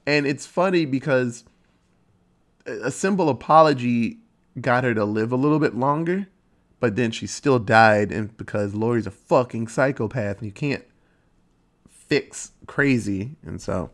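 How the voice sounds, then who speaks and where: A man's voice: mid-range voice, a little slow. A man retelling a story in casual chat, loose and rambling, with lots of "like" and easy swearing.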